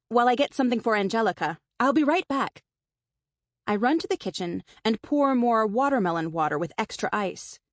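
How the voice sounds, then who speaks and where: A woman's voice: mid-range voice, no room sound. Lady reading a cozy mystery in first person, wry and chatty, dry close mic. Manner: wry, conversational. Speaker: audiobook narrator. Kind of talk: first-person scripted narration. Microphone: close studio mic.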